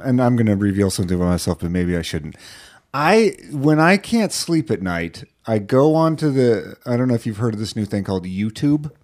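A man of middle pitch chatting on a podcast, meandering through his stories. He pokes fun at himself as he goes, in a loose, easygoing conversational style. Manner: rambling, self-deprecating storytelling. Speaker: podcast co-host. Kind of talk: casual chat.

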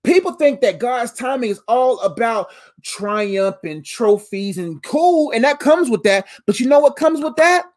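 Animated high-voiced woman preaching. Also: unhurried. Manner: animated, emphatic, slangy, calls listeners "fam". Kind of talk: sermon.

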